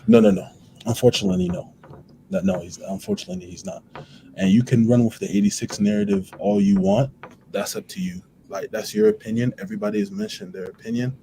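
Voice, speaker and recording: A man's voice: on the low side, animated, fast talker, gravelly, dark tone, slight background noise, low-quality recording. A man on a casual football panel, talking emphatically and repeating phrases. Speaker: panel guest.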